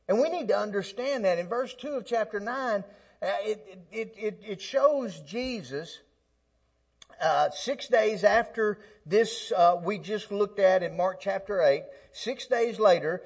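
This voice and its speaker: A man preaches in a loose, conversational style, often restarting his phrases before building to forceful peaks. The recording has a slightly dull, lo-fi sound. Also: high-pitched, lively intonation, moderate pace. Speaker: pastor. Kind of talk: sermon.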